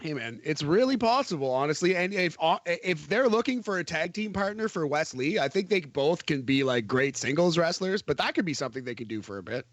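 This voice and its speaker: A man's voice: fairly high pitch, animated, fairly quick, hardly any pauses, dry recording. A man co-hosting a podcast, chatting casually about wrestling in a detailed play-by-play way and laughing easily. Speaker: podcast co-host. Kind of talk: casual wrestling review chat.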